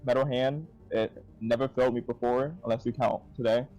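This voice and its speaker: A man's voice: mid-range voice, fairly even intonation, brisk, darkish tone, faint music behind, poor audio. A man playing a tabletop game, laid-back and jokey. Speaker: player. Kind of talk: casual tabletop play.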